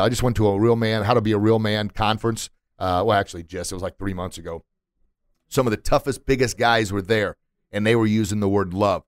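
This middle-aged motivational podcast host has a fairly low voice, recorded dry on a studio mic in a recording studio. He's preachy and emphatic, repeating words to hammer his points home.

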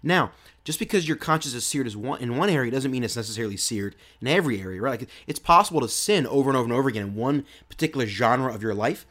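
A man's voice: medium pitch, lively intonation, quick pace, a bit bright. Earnest male preacher. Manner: earnest, repeats phrases, stammers on restarts. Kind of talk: sermon.

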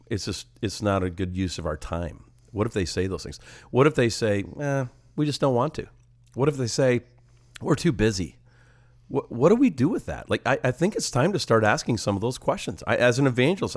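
An older man co-hosting a ministry podcast as an evangelist, talking casually, posing animated rhetorical questions with a slightly congested nose. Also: lowish voice. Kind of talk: casual chat.

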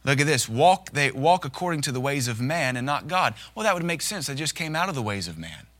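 A man preaching a sermon, his voice bright and forceful. He talks in a folksy, joking way and drops into short acted asides to make a point. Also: mid-range voice, very animated, brisk. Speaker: pastor.

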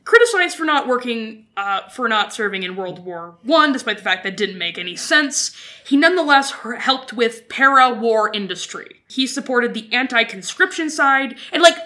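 A woman from Alberta tells history on a podcast in a lively, joking way. Her voice is bright and sits a little high, and she tosses in quick asides. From Canada, Alberta. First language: French. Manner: animated, jokey storytelling, quick asides. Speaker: podcast co-host. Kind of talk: casual history chat.

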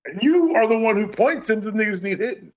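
A man's voice: sits high, lively intonation, a little fast, rough recording. A man co-hosting a casual podcast review of a TV episode, emphatic and profane, riffing on the characters with mock dialogue. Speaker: podcast co-host.

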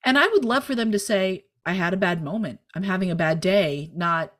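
A woman in her forties giving candid parenting advice in casual conversation, talking in quick bursts and often checking in with "right?". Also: fairly low pitch. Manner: lively, candid, rapid bursts with frequent "right?". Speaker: podcast co-host, parenting guest.

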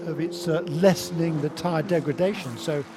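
A man's voice: fairly high pitch, moderate pace. A man commentating on a race, giving reflective, chatty analysis of drivers and teams. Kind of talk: broadcast commentary. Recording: race car noise behind.

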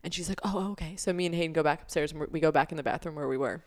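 A woman's voice: low voice, steady tone, very fast. A young woman co-hosting a podcast, telling a story in a chatty way with lots of fillers. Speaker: podcast co-host. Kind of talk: casual chat.

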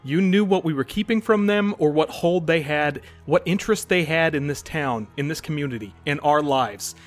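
A grief-maddened blue-skinned man, played by a man, barks accusing questions in a loud, high-pitched voice. Faint music hums underneath. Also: normal speed, lightly acted. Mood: furious. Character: grieving enraged blue-skinned man confronting an officer.

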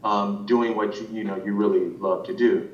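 Recorded far from the mic, this man's voice comes through roomy and muffled over a faint rumble. He's an animation director speaking at a moderate pace with fairly even intonation, talking casually in an interview and rambling through fillers and restarts.

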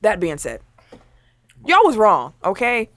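A sassy woman co-host scolds her subject in casual show chat. Her pitch swings in a lively way as she presses each point. The sound is dry and close. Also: slow pace, dry recording.

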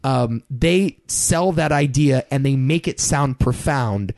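A man's voice: medium pitch, a little mellow, dry recording. A man co-hosting a podcast, discussing films casually with a wry, joking manner into a microphone. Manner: wry, quick with dry jokes. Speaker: podcast co-host.

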